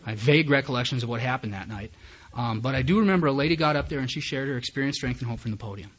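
A man's voice: medium pitch, racing. A man giving personal recovery testimony at a meeting, a candid and self-mocking storyteller who acts out his own thoughts.

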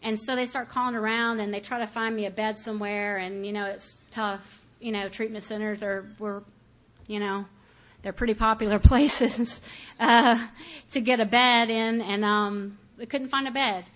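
A woman's voice: mid-range voice, steady tone, normal speed, fairly bright tone. A woman giving a candid personal testimony about her recovery, talking conversationally with many fillers and acting out her past thoughts. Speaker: speaker sharing her recovery story.

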